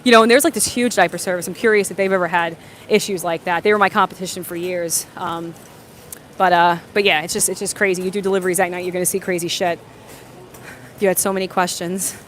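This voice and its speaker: A woman's voice: on the low side, steady tone, fast, a bit bright, slight background noise. A woman hosts a casual livestream, answering viewer comments and telling rambling stories full of fillers and restarts. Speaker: livestream host.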